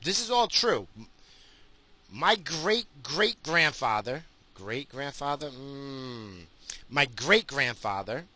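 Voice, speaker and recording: This middle-aged solo podcaster rants crudely while driving, recording a profane monologue in his car. He speaks slowly and expressively in a mid-range voice that's bright and forceful, heated and sweary, with frequent restarts.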